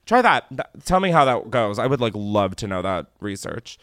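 Animated jokey man, dry close sound. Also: normal speed, few pauses, no room sound. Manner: animated, jokey, swings between loud squeals and low mutters. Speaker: podcast host. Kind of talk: casual chat.

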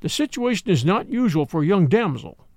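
A man voicing a tall priest who speaks in a grave, measured way. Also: high-pitched, big pitch swings, darkish tone, no room sound, clean studio sound.

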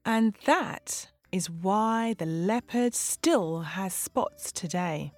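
A woman storyteller narrating a folk tale for children in an animated, dramatic way with sweeping rises in pitch. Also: very slow, few pauses, faint music behind.

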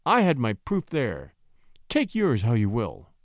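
A man's voice: medium pitch, wildly swooping pitch, unhurried, no room sound, studio quality, pitched below the performer's own voice. A man voicing an earnest young shepherd poet who speaks from the heart. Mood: calm.

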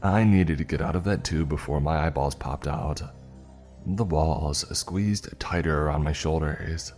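A man narrating a first-person story in a measured, tense storytelling manner. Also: a bass voice, darkish tone, soft background music.

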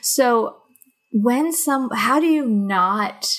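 A woman's voice: fairly high pitch, lively intonation, drawn-out words. Woman host asking thoughtful questions. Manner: thoughtful, searching for words. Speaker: podcast host. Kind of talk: interview questions.

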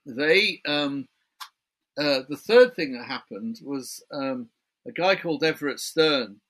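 A man's voice: mid-range voice, lively intonation, slow, fairly bright tone. A British man, an author guest in a remote interview, chatty and building his story point by point. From Britain.

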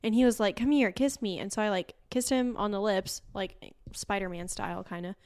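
A woman's voice: mid-range voice, fairly quick, a little mellow. A young woman co-hosting a podcast, telling candid stories in casual chat, laughing often and using lots of "like". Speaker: podcast co-host.

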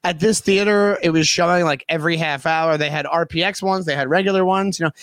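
A man's voice: fairly high pitch, fairly even intonation, fast talker, a bit bright, no echo. A man in casual podcast chat, rambling with fillers and quoting favorite comedy bits. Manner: chatty, fills with "like" and "uh", quotes comedy bits.

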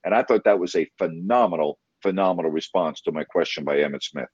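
A low-voiced man tells stories about his interviews in a loose, rambling way, full of enthusiasm and false starts. The sound is dry and slightly muffled, with a lo-fi edge and no room echo. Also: quick pace, a little mellow, slightly rough. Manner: rambling, enthusiastic, many restarts. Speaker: broadcast interviewer. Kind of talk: casual storytelling in conversation.

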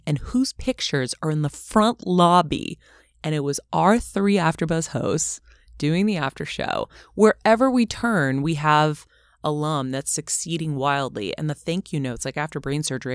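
A woman with a low, grounded voice talks as an interview guest, animated and quick to act out what people said. The recording is dry and close, with no room sound around her. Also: dry recording. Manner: animated storyteller, acts out quotes. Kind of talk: casual interview talk.

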